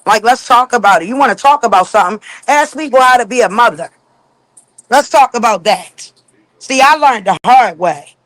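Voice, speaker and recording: A woman's voice: on the high side, expressive, normal speed, fairly bright tone, no room sound. A young woman in casual gossip chat, blunt and profane, telling stories at length. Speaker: gossip guest.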